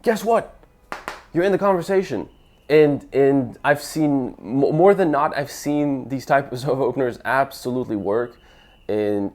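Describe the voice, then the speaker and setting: Young guy dating coach, mid pitch, lively, trips over his words a lot. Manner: lively, stammers and restarts, acts out sample lines. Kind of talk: casual advice talk to camera.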